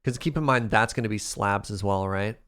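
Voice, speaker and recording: A man with a fairly low voice talks a little fast while live-streaming a building game. He's animated and playful, joking around with his viewers and addressing the chat directly.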